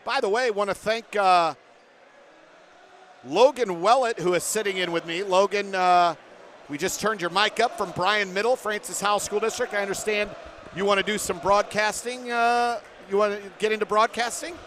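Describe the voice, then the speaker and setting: A man's voice: sits high, steady tone, normal speed, fairly bright tone, slight background noise. A man doing play-by-play for a basketball game from a broadcast booth, chatting with guests between plays. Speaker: play-by-play announcer.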